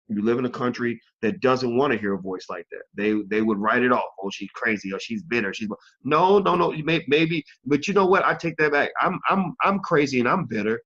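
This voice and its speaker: A man hosting an online interview show, talking in a halting way with many fillers and restarts. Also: mid-range voice, fairly bright tone, highs cut off. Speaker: host.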